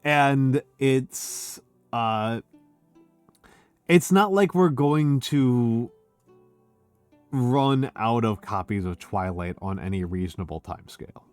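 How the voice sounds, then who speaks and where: A man's voice: mid-range voice, lively intonation, slow pace, pauses often, clear, resonant tone, no echo, faint music behind. A man chatting casually on a drinking stream, tipsy and hiccuping, rambling and emphatic with lots of fillers. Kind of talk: casual chat.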